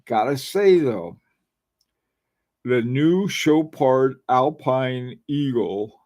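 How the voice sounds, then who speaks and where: A middle-aged man talks slowly and unhurriedly in a casual live-stream chat. His voice sits at an ordinary middle pitch. He rambles, muses aloud and restarts his sentences often. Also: animated, darkish tone. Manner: rambling, musing, frequent fillers and restarts. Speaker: watch channel host.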